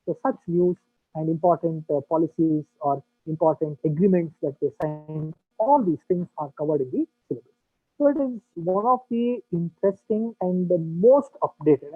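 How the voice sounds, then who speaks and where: A man lectures a coaching class, walking through the material with many fillers and questions to his students. His voice is somewhat high and husky. It comes through a tinny, dry, phone-like line with faint music underneath. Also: dry recording. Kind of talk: online lecture.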